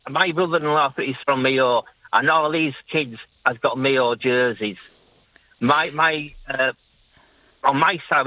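A man's voice: mid-range voice, dry recording. A man in his sixties with an Irish accent tinged by Leeds, a taxi-driving caller chatting in a rambling way and repeating himself. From Ireland. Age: 60s. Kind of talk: phone-in radio chat. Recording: tinny phone line.

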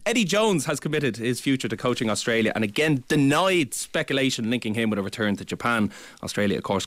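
A man's voice: lowish voice, fairly bright tone, dry recording. A man presenting a radio sports show, reading news lines between jokes. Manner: jokey, laughs often. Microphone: studio microphone.

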